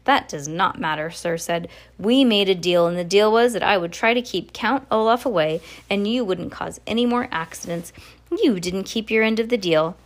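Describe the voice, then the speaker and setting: A woman's voice: medium pitch, moderate pace, natural voice. A woman reading as a blunt, stern mill boss. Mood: dismissive. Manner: blunt, dismissive. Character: stern older male mill owner.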